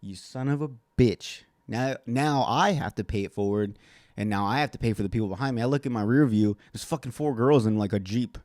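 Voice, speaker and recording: A man's voice: on the low side, a little fast, darkish tone, no echo, clean studio sound. Profane rambling man ranting solo. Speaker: podcast host. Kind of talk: solo podcast rant.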